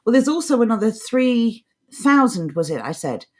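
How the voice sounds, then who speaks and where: A woman's voice: on the high side, big pitch swings, moderate pace. A woman co-hosting a live political talk show, speaking with an impassioned, ranting delivery. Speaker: co-host.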